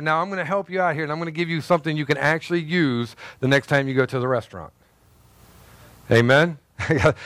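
A man preaching a sermon as pastor, animated and joking with the congregation. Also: a little high, dry recording. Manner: animated, jokey, talks to congregation.

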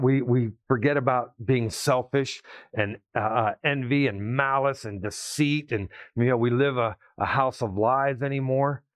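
A man's voice: medium pitch, dry recording. A man preaching, telling a story in a conversational way and acting out the quotes. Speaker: pastor. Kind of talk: sermon story.

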